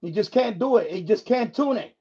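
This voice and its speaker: Over dull, lo-fi stream audio, a ham radio livestream host talks viewers through a loose demonstration as he works his equipment, wandering off and restarting his lines. His voice is high, mellow and slightly rough, expressive and a little quick.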